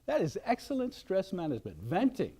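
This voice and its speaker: An older man giving a motivational wellness talk, animated and acting out shouted outbursts. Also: sits high, fairly quick, slightly rough. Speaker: wellness speaker.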